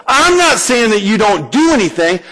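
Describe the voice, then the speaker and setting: A man with a high voice delivers a church sermon with lively animation. He slips into acted-out prayers and dialogue as he preaches. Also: moderate pace, poor audio.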